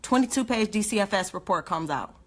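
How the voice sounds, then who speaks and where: Woman, bright and forceful, impassioned livestream speaker firing rhetorical questions. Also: medium pitch, lively intonation, a little fast. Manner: emotional, indignant, rhetorical questions.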